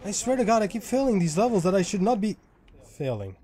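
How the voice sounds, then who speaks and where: A man giving let's play commentary who swears a lot and swings from loud frustrated yelling to low muttering. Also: sing-song, fairly quick, faint music behind. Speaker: gaming YouTuber.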